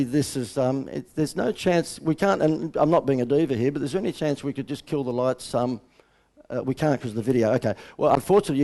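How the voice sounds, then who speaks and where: A man's voice: mid-range voice, mellow. A middle-aged Australian man giving a live seminar talk as a business coach, blunt and joking as he tells stories. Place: seminar room.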